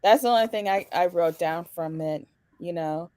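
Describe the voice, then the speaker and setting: A woman's voice: on the low side, moderate pace, a little mellow, no echo. Frank woman podcast co-host, dry sound. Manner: frank, laughs a lot, short backchannels. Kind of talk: casual chat.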